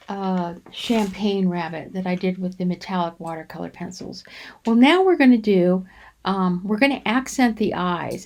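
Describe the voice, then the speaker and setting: With a mid-range, darkish voice, this crafting channel host provides a relaxed voice-over for a coloring demonstration. Her delivery is unhurried and rambling, full of ums and restarted sentences.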